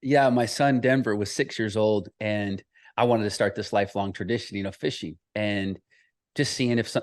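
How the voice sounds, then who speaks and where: A man's voice: on the low side, dry recording, studio quality. A man in his thirties, an associate pastor and author, earnestly telling a personal story in an interview with frequent restarts.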